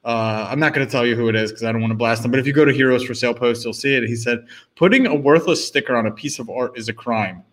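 A man's voice: medium pitch, fast, a bit bright. A man co-hosting a podcast, chatting casually and steering the talk with questions. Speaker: podcast co-host.

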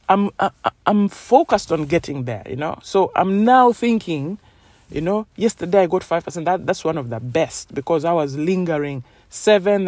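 A woman's voice: on the low side, a little mellow, no echo. A woman hosting a podcast, talking in a casual, rambling motivational monologue full of "you know"s. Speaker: podcast host.

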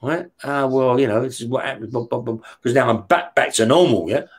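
A man's voice: mid-range voice, a little fast, vocal fry, slightly rough. A middle-aged man telling stories in an interview, swearing constantly, laughing as he goes and checking in with "yeah?". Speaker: interview guest, former career criminal. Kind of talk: storytelling in an interview.

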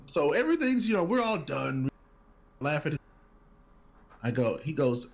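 A man casually telling a personal story on a podcast, animated, acting out other people's lines and laughing often. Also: on the high side, measured pace, vocal fry, pauses often.

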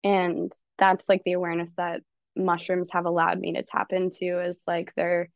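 A woman's voice: lowish voice, completely flat delivery, normal speed, creaky, no echo, lo-fi sound. A woman coach talking casually, swearing freely and acting out her own inner dialogue in quoted bits. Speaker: coach and guest. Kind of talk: casual podcast conversation.

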